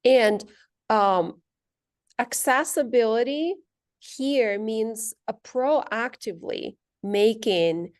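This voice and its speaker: Woman teacher talking thru her slides, slow and careful, lots of little pauses, dry close sound. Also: on the high side, a little mellow, no echo. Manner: measured, explanatory, pauses on fillers. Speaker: language instructor presenting. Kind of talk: presentation walking through slides.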